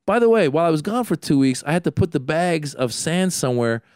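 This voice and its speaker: A man hosting a podcast, telling a story in an animated, self-deprecating way. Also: fairly high pitch, quick pace, clear, resonant tone, no echo, clean studio sound. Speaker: podcast host. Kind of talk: casual chat.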